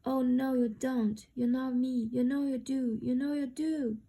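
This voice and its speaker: A woman reading a novel aloud, voicing a headstrong young woman who yells defiantly, in a gravelly, husky voice. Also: sits high, fairly even intonation, a little slow, full character voice. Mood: anguished. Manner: yelling, defiant.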